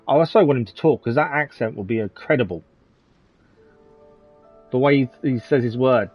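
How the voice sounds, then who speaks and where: A man's voice: medium pitch, a little fast, long pauses, husky. Man, game streamer, casual commentary, chuckles often, dull audio, faint music. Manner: chatty, chuckles often, talks to the chat.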